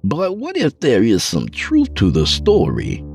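A man voicing an excitable male occult scholar, stammering and declaiming theatrically. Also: medium pitch, unhurried, faint music behind, pitched above the performer's own voice. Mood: musing.

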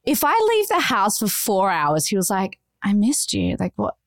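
Chatty podcast co-host, woman, mid-range voice, dry studio sound, animated storytelling. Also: normal speed, creaky, dry recording. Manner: animated storyteller, acts out quotes in high voices. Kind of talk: casual chat.

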